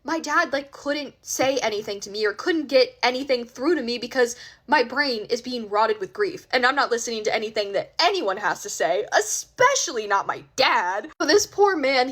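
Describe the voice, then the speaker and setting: Young woman, slightly high voice, casual storytime vlogger, emphatic and exasperated. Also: fairly bright tone.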